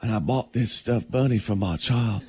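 A man's voice: lowish voice, moderate pace, husky, no echo. A man co-hosting a morning radio show, bantering and laughing about sports with his co-host in the studio. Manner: animated, laughing, playful banter. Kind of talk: casual sports chat. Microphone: studio mic.

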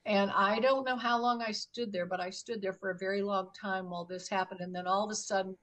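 An older woman with a medium-pitched voice speaks fairly quickly on a rough recording. She's an interview guest describing a UFO experience, telling the story vividly and acting out her own quotes.

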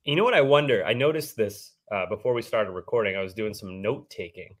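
A man's voice: on the low side, animated, fairly quick. A man co-hosting a casual sports podcast, joking and self-mocking as he gives his stats notes. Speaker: podcast co-host.

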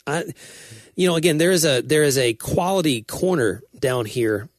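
A man's voice: a little high, animated, normal speed, no echo, studio quality. A man co-hosting a casual comedic chat, wry and self-mocking. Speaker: podcast co-host.

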